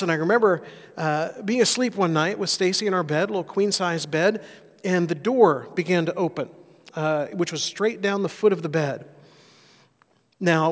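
A middle-aged pastor preaching a sermon, telling a personal story in an earnest way. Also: male voice, on the high side. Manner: earnest storytelling, rising and softening for emphasis. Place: church sanctuary. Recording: reverberant church hall.

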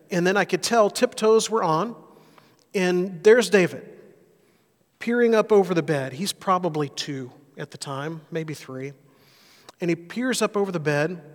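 A middle-aged man preaches to a church congregation in an earnest, storytelling way. He swells and then softens his voice to stress a point. His slightly high voice rings out with a long reverb through the sanctuary. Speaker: pastor. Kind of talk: sermon.

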